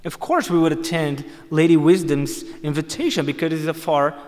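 A man's voice: a little high, steady tone, normal speed, a little mellow. A man preaching a sermon, emphatic and repeating phrases for stress. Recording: long hall reverb.

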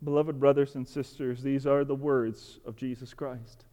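A man delivers an earnest sermon in a smooth, mellow voice that sits a little high. His words ring out with the long reverb of a large hall, and his emphasis grows fervent. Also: little pitch movement, normal speed. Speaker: pastor.

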